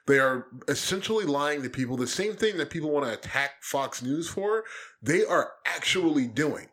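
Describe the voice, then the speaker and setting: A man's voice: on the high side, lively intonation, moderate pace, fairly bright tone. A man co-hosting a casual political chat, ranting heatedly with plenty of swearing and emphatic rises.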